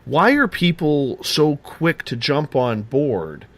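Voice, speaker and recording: A man's voice: on the high side, sing-song, slow pace, no echo. A man hosting a talk-radio show, encouraging his guest and putting a question to her.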